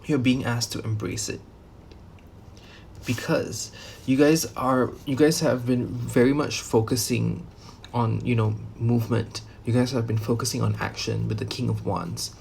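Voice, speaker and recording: A man's voice: medium pitch, fairly even intonation, measured pace, vocal fry, a little mellow, a little hiss or hum. A man giving a casual tarot reading, rambling loosely with many fillers and restarts and the odd swear word. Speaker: tarot reader.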